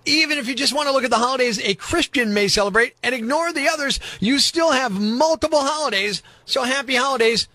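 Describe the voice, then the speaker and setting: High-voiced bright radio host ranting. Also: male voice, dry recording. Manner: fast, sarcastic, punchy delivery. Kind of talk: radio rant. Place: radio studio.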